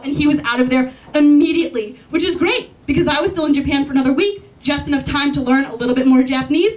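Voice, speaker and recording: A young woman with a high, bright voice tells a funny personal story on stage. She is animated and laughs as she goes. The mic sits some distance away, so she sounds a little far off. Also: quick pace, hardly any pauses. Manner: animated, comic, laughs through lines. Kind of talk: live story slam telling. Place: stage at a live event.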